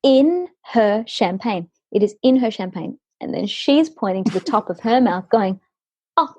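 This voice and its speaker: A young woman from Australia, a singer and guest, telling an animated story in a casual chat over a video call. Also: medium pitch, normal speed, no room sound, dull audio.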